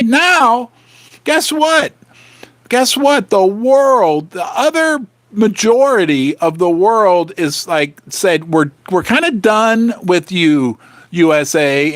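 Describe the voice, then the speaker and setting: A chatty, excitable man in his fifties hosts a casual livestream from his basement. His lively pitch leaps up and down, he rambles and jokes, and the sound is close and dry with no room echo. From Saint Louis, Missouri, USA. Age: 50s. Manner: chatty, excitable, joking, rambling with self-interruptions. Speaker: livestream host.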